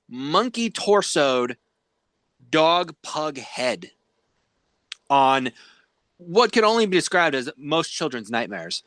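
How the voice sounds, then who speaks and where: A man's voice: high-pitched, no room sound. A man co-hosting a podcast, telling an anecdote with playful exaggeration in a casual chat. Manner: animated storytelling with playful exaggeration. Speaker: podcast co-host.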